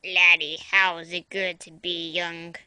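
A woman's voice: fairly low pitch, flat delivery, a little slow, pushed and bright, clean tone, dry recording, pitched below the performer's own voice. A woman voicing a dying old grandfather in his nineties, a former pirate who growls "laddie" in a homemade puppet comedy. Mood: rambling. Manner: growly pirate talk, calls everyone laddie.

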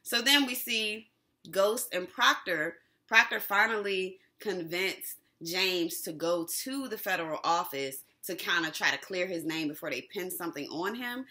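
A woman hosting a casual TV episode recap, animated and slangy, who laughs often. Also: fairly low pitch, unhurried. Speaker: TV recap host.

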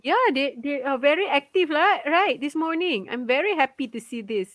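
Encouraging Malaysian woman teacher, lively. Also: sits high, moderate pace, dry recording. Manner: switches between English and Malay, encouraging. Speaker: primary school English teacher. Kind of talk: online webinar lesson.

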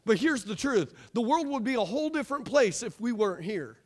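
A man pastor preaching a lively sermon with rhetorical questions, asides and jokes to his congregation. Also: very high-pitched, brisk.

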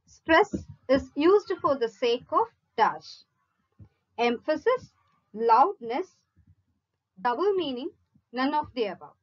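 A woman reads exam questions aloud in a measured, unhurried lesson, pausing through each option in turn. Her voice sits high and swings widely in pitch. The recording sounds a little muffled and lo-fi. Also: lively intonation. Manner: measured, reads each option in a list then gives the answer. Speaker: teacher reading exam questions. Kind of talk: slow read-out quiz lesson.

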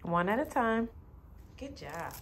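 A woman's voice: on the high side, very animated, slow pace, slight background noise. A young mother filming a casual home vlog, chatting to her toddler in a doting sing-song way and laughing often. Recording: music playing under the voice.

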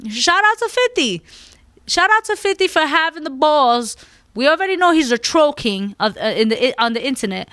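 A woman's voice: high voice, sharp tone, no room sound, studio quality. A woman hosting a podcast, giving her opinions in casual chat in an emphatic, profane way, often checking "you understand?". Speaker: podcast host.

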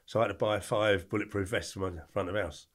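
An older man, telling colourful anecdotes as a podcast guest in an animated, slangy way. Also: on the low side, quick pace. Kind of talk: storytelling interview.

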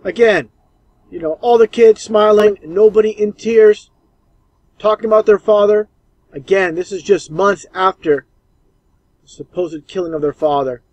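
A man's voice: high-pitched, measured pace, darkish tone, no room sound, low-quality recording. A man commenting scornfully and insistently over old clips.

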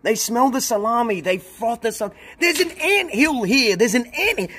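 Laid-back young man, slow and lively. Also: extremely high pitch, slightly rough. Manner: laid-back, talks to chat, bursts into laughter. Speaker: streamer. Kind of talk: casual live-stream chat. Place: outdoors by a pool.

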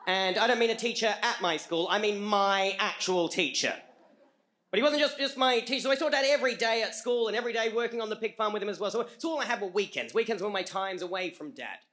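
High, bright Australian storyteller man. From rural Australia. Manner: halting, with frequent repeats and fillers. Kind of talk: live comedic storytelling. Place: live stage show.

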